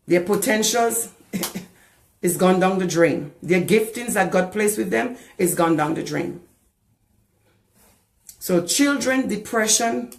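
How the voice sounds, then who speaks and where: A woman's voice: lowish voice, creaky, roomy sound. A woman from the Caribbean preaching a sermon as a pastor, passionate and repeating phrases for emphasis. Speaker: pastor and deliverance minister.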